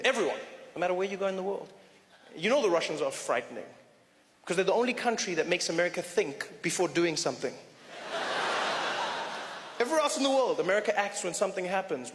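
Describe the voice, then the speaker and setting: Animated stand-up comedian in a theater. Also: male voice, high-pitched. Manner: animated storytelling with accent impressions. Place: theater stage. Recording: live theater with long reverb and audience noise.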